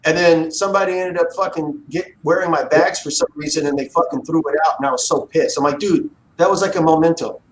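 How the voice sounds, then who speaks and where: Man, livestream host, animated storyteller, swears a lot, slightly high voice, roomy echo. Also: fast talker, hardly any pauses. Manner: animated, profane, acts out quotes. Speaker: livestream host, guitar builder. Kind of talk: casual storytelling chat.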